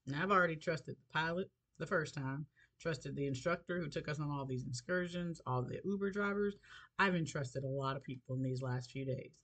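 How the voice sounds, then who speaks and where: A middle-aged woman hosting a faith podcast, telling a personal story in an expressive, animated way with light laughs. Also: low voice, brisk, poor audio. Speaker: podcast host.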